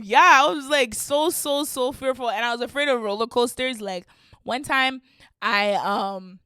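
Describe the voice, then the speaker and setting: A young woman co-hosting a podcast, telling a story in a casual, animated way, laughing and acting out voices as she goes. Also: a little high, normal speed, no room sound, clean studio sound. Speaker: podcast co-host.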